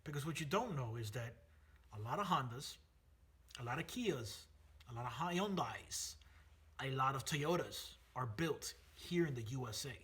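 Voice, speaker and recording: A man's voice: medium pitch, lively intonation, normal speed, a bit bright, husky. A man hosting a car channel, talking casually and energetically to camera, full of fillers and self-corrections. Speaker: car channel host, automotive technician.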